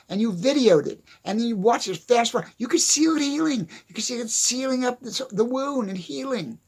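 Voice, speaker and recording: A weary man delivers an earnest monologue with a gravelly, rough edge to his voice. His speech is slightly husky and halting, and he circles back to repeat his points as he restarts sentences. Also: very high voice. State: tired. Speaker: speaker on philosophy.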